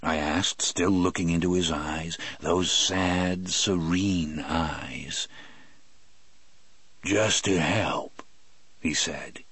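A man reading a novel aloud in the first person, expressive and shifting between slow and quick delivery. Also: sits low, husky, no room sound. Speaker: audiobook narrator.

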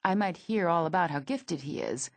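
A woman in her thirties narrating her memoir in a dry, observational manner, with a husky, gravelly voice. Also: lowish voice, lively intonation, normal speed, no echo. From United States.

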